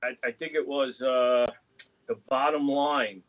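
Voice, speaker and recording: A man's voice: medium pitch, fairly even intonation, a little slow, highs cut off. A man in casual chat as a guest on a video call, rambling, with lots of you know. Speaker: guest drummer.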